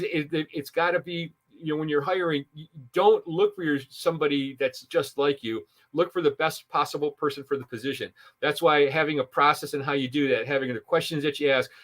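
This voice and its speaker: A man's voice: a little high, a bit bright. A man, a sales trainer on a podcast interview, giving punchy, emphatic advice with asides.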